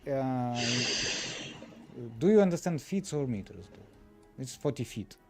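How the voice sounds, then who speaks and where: A woman's voice: extremely low pitch, sing-song, unhurried, warm tone, faint music behind. A woman running a tabletop game as game master, speaking directly as she explains the rules.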